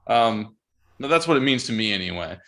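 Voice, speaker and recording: A man in a band, a guest on a podcast, talking in a relaxed, reflective way. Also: medium pitch, fairly quick. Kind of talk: casual interview chat.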